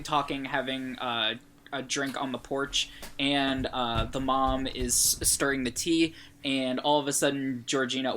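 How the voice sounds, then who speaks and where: Male podcast guest, casual chat; bright, sharp tone, loose rambling delivery with fillers and swearing. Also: medium pitch, a little hiss or hum. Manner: rambling plot recap full of fillers and swearing.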